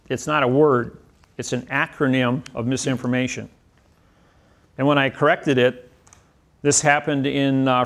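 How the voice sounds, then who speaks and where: A man's voice: a little high, fairly bright tone. A man telling a personal story in a casual lecture, hesitant and full of restarts.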